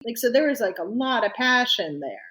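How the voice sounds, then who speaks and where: A woman's voice: a little high, sing-song, brisk, fairly bright tone, low-quality recording. A woman co-hosting a podcast in casual chat, giggly and casual, often trailing off mid-thought. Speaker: podcast co-host.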